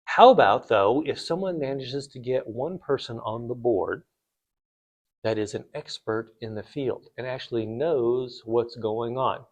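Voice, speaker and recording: A finance instructor lectures students in a conversational style, posing rhetorical questions and tossing in blunt asides. His mid-range voice is unhurried, and the recording has its highs cut off.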